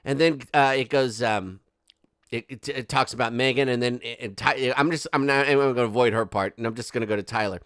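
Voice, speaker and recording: A man's voice: medium pitch, brisk, fairly bright tone, clean tone, no room sound, clean studio sound. A man hosting a commentary video, reading quotes aloud and breaking in with sarcastic, mocking asides. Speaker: commentary channel host. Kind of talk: ranting commentary.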